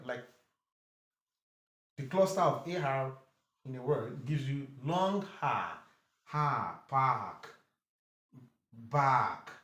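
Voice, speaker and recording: A man teaching English vowel sounds, saying each word over and over with short explanations in between. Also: on the high side. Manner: repeats words slowly, drilling pronunciation. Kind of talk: phonics lesson. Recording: echoey room.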